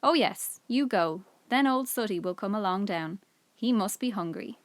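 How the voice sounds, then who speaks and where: A woman doing a shrill, deaf little old woman. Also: expressive, moderate pace, no echo, close to an everyday voice. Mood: chatty. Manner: loud, high and scolding.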